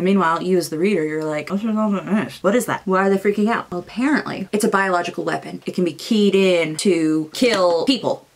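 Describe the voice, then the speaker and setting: A young woman casually summarizing a novel's plot, chatty and acting out characters in quick asides. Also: lowish voice. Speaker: booktuber.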